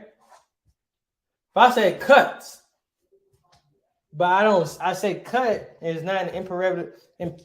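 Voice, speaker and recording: A male teacher runs a grammar lesson, posing questions to his class, answering them himself, and often checking with "right?". His voice sits high and sounds reverberant.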